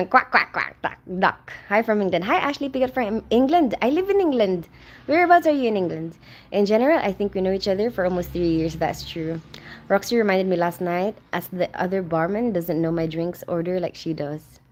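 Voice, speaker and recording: A woman's voice: mid-range voice, darkish tone. Female livestream host: chatty and friendly, greets viewers by name, reads comments aloud, loose and unscripted. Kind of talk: casual live chat, reading viewer comments aloud.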